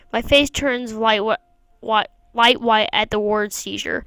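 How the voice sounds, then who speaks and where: Woman, higher voice, smooth and clear, dry close sound, reading game text aloud, wry asides. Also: unhurried, fairly bright tone, dry recording, low-quality recording. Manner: reads narration plainly, breaks off with wry asides. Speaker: gamer. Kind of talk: reading a visual novel aloud.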